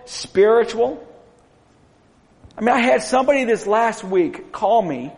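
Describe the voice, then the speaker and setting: High-voiced preaching man, gravelly, echoing hall. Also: a little mellow. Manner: earnest preaching with rhetorical questions. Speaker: pastor. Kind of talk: sermon. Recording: long hall reverb.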